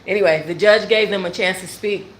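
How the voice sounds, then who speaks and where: A woman's voice: medium pitch, steady tone, moderate pace, a bit bright, a little hiss or hum. A woman hosting her own channel, telling a personal story in casual chat with lots of slang and fillers, close to tears. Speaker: host of a talk channel. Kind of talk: casual livestream chat with viewers.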